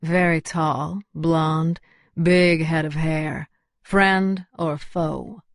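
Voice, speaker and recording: A woman's voice: low-pitched, level tone, very slow, no room sound, studio quality, exaggerated voice. A woman doing a feisty, drawling werewolf driver. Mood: flat. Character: tough female werewolf driver, feisty, teasing.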